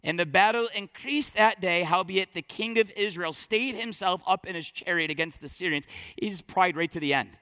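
A man preaching a sermon in an emphatic storytelling way, swinging between loud and soft. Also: sits high, moderate pace, clean tone. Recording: long reverb in large hall.

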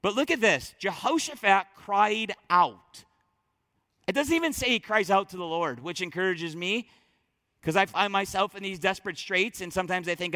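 A man preaching a sermon in an emphatic storytelling way, swinging between loud and soft. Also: high-pitched, normal speed. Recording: long reverb in large hall.

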